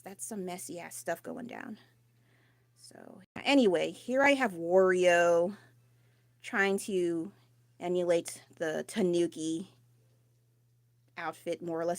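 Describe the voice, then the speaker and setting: A woman talking loudly and candidly into her phone mic during a casual live stream, rambling and swearing casually. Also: fairly low pitch, gravelly, no echo. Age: adult. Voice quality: loud, raised voice.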